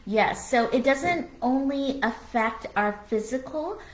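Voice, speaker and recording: A woman's voice: high voice, lively intonation, slow. A woman co-hosting a casual spiritual conversation, speaking candidly and earnestly with lots of "you know" and "like" fillers and a blunt, sometimes profane streak. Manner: blunt, with occasional swearing. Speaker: co-host of a spiritual conversation show. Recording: echoey room.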